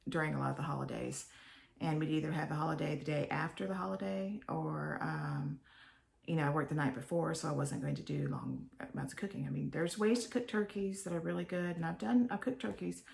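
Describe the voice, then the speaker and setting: A woman's voice: deep voice, animated, a little fast, vocal fry, a little mellow. An older woman from Texas chatting in a meandering way to her viewers from a home office, sometimes dropping to a whisper. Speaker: vlogger. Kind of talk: rambling casual vlog.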